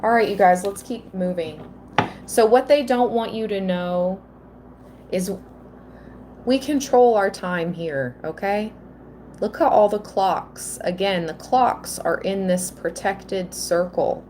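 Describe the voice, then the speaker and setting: A woman giving a live tarot reading, slow and earnest, at times emotional. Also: medium pitch, darkish tone, a little hiss or hum. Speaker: tarot reader.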